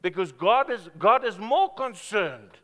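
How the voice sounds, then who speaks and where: Man, preaching pastor; lively storyteller, punchy then hushed, bright tone, hall echo. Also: sits high, a little slow. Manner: animated storytelling, swings from loud to hushed. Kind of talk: sermon. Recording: hall reverb.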